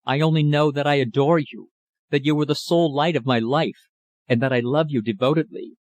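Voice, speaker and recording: A man's voice: on the high side, steady tone, brisk, no room sound, lightly acted. A man reading an audiobook, voicing a young journalist in love who pleads his case with passion. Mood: earnest. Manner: impassioned, pleading. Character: young male journalist, ardent lover.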